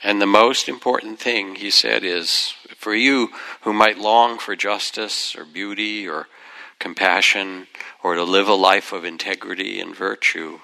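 An older man giving a reflective dharma talk, telling teaching stories in a gentle, unhurried way. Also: lowish voice, fairly even intonation, vocal fry, poor audio. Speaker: meditation teacher.

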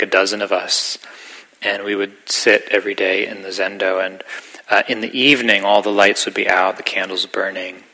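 Bright-voiced man giving a dharma talk. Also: deep voice, low-quality recording. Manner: gentle, reflective, drops to whispers. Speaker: meditation teacher.

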